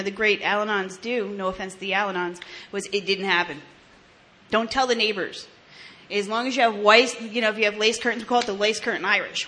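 This recovery speaker, a New Jersey woman in her 30s, gives candid testimony about her own recovery. Her medium-pitched voice sounds bright and forceful, and she talks bluntly, swearing, with restarts and laughs.

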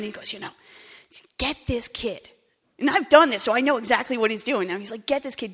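Candid Jersey woman in an echoey hall. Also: mid-range voice. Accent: New Jersey. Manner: candid, wry, swings between hushed and animated. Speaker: speaker sharing her story. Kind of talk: personal recovery talk.

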